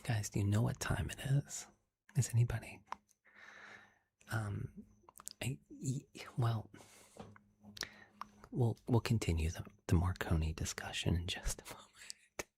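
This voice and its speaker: Male ASMR streamer host: very low, gravelly whisper, chatty, laughs easily. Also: lively intonation, measured pace, pauses often, a little hiss or hum. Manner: soft whisper, chatty, laughs often, greets viewers by name.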